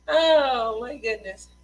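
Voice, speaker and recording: A woman's voice: on the high side, low-quality recording. A woman hosting a casual craft livestream, chatting loosely, laughing often and reading out viewer comments. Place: Las Vegas.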